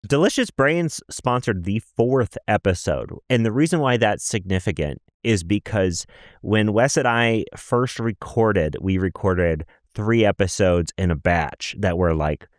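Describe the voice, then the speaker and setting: An American man co-hosting a podcast, telling stories in an animated, casual way. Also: lowish voice, a little slow, dry recording, studio quality. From United States. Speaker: podcast co-host. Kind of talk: casual chat.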